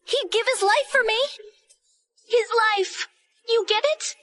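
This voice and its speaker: An actress playing a proud, spoiled young noblewoman in an animated drama, talking in a shrill, pleading, emotional way. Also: takes it slowly. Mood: defiant.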